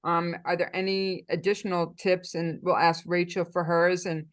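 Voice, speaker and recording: A woman's voice: lowish voice, little pitch movement, moderate pace. A woman moderating a webinar panel, summarizing points and handing over questions.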